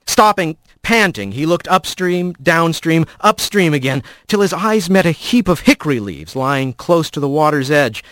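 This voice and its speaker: A man reads an audiobook in an expressive storytelling style, voicing the characters as he goes. His voice sits a little high and swings widely in pitch. The sound is dry and close. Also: normal speed, hardly any pauses, no room sound. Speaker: narrator. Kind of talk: scripted audiobook narration.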